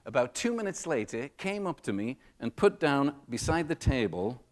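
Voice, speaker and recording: A man giving a comedic storytelling talk to a live audience, acting out the people in his stories with big jumps in his voice. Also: normal speed. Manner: animated, acts out customers and staff with big pitch jumps. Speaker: keynote speaker. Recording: reverberant hall.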